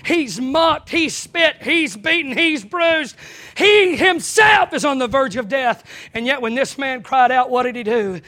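A man preaching a sermon in a church, impassioned, swinging from shouts to hushed asides, his voice straining close to giving out. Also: extremely high pitch.

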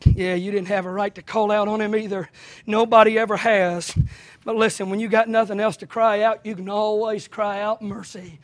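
A man preaching a sermon in a church, impassioned, swinging from shouts to hushed asides, his voice straining close to giving out. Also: high voice, level tone, moderate pace.

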